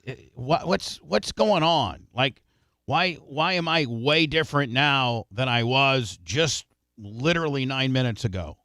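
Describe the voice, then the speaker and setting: Halting, fussy male radio host, dry studio. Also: medium pitch, animated, pushed and bright, no room sound. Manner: fussy, restless, halting with many restarts. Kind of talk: casual on-air chat about mic levels. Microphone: studio microphone.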